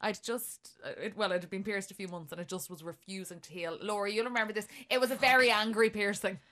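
A young Irish woman co-hosting a podcast, telling a dating story in a casual, animated way and laughing often. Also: medium pitch, quick pace. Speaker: podcast co-host.

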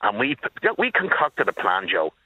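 A man's voice: on the low side, big pitch swings, moderate pace, bright, forceful tone, husky, no echo. A man in his sixties with a Dublin accent, calling in to a radio show and telling a story emphatically while addressing the host by name. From Dublin, Ireland. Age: 60s. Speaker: caller. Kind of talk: phone-in storytelling. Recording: tinny phone line.

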